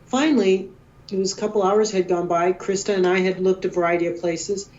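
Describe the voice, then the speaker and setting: Middle-aged woman guest, emotional storyteller, mid pitch, lo-fi call audio. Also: brisk. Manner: emotional, excitable, quoting herself. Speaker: guest researcher. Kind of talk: animated storytelling interview.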